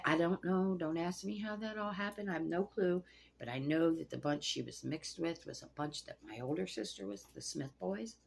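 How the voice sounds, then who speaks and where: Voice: mid-range voice, creaky, breathy edge. A person in their sixties telling a rambling, emotional late-night personal story, swearing often.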